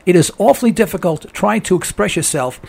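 A man hosting a call-in talk radio show, hoarse with laryngitis, ranting with exasperation and repeating himself. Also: high-pitched, expressive, a little fast, a little mellow.

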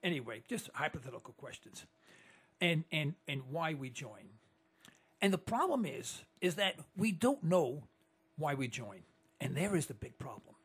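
A man's voice: on the high side, very animated, normal speed, fairly bright tone, husky. A man hosting a political talk radio show, rambling and emphatic, repeating words and restarting sentences.

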